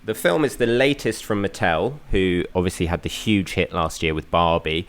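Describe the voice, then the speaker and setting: Deep voiced guy on a podcast panel, chatty and upbeat. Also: normal speed. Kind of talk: podcast discussion.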